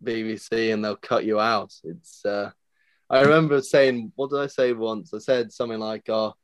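A man's voice: on the low side, moderate pace, smooth, no room sound. A man, a farmer guesting on a podcast, telling stories in casual chat with lots of swearing and laughter.

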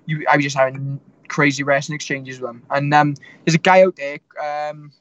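A man's voice: on the high side, steady tone, normal speed, fairly bright tone, muffled recording. A man, a fighter telling stories in a casual interview, rambling with lots of fillers. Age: 20s. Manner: rambling storytelling with many fillers. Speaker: MMA fighter guest.

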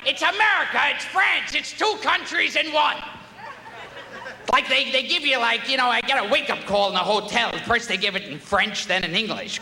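A male stand-up comedian ranting on stage, shouting his punchlines. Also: high voice. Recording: echoey hall, mic heard from a distance.

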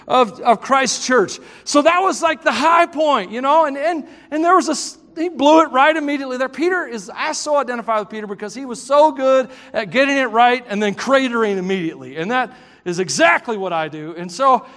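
High-voiced Southern preacher in a reverberant hall. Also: male voice, a little fast, hardly any pauses. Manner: animated, joking storyteller who bursts into shouts. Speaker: pastor. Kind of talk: sermon.

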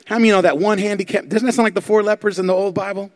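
A man preaching a sermon, telling animated stories and calling on the crowd to answer. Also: high-pitched, very fast. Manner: animated, acts out quotes, asks the crowd for response. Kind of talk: sermon storytelling.

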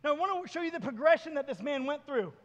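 A male pastor preaching a sermon, retelling Bible scenes with animated, acted-out dialogue. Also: very high voice, quick pace, long reverb tail, dull audio.

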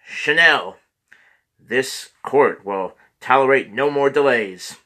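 A man's voice: medium pitch, slow, sharp tone. A man reading the lines of a stern male Gestapo chief interrogator, curt and commanding.

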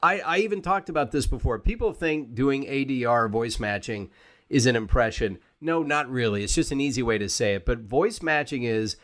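A man's voice: mid-range voice, fairly bright tone. A male podcast host in casual conversation, explaining his craft in a chatty way. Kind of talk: casual interview chat.

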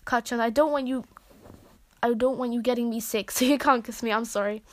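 A woman reading the lines of a shy, affectionate teen boy, soft and gentle. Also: a little high, fairly even intonation, a little fast, no echo, lightly acted. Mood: tender.

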